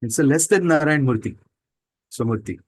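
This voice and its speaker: A man's voice: medium pitch, husky, poor audio. A man giving a spiritual talk to students, emphatic and full of rhetorical questions. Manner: mocks people with quick put-on voices. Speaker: spiritual teacher.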